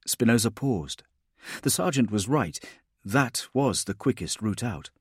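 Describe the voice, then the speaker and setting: A man giving steady, measured scripted narration of an audiobook. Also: mid-range voice, husky, no echo, studio quality.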